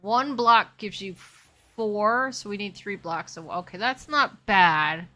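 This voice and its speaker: Bright-voiced woman chatting on a live game stream. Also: medium pitch, slow pace. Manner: chatty, talks to herself and her chat. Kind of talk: casual live-stream chat while playing.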